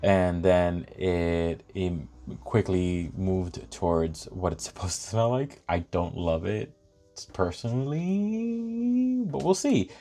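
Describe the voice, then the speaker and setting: A man chatting casually while unboxing and reviewing fragrances, animated and thinking aloud with lots of fillers. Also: low voice, takes it slowly, faint music behind.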